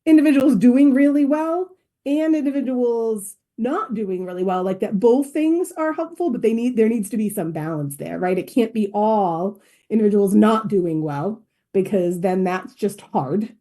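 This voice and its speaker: A woman's voice: fairly high pitch, normal speed, mellow. A woman co-hosting a podcast interview. She is reflective and affirming as she thinks aloud. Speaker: podcast co-host. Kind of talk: interview conversation.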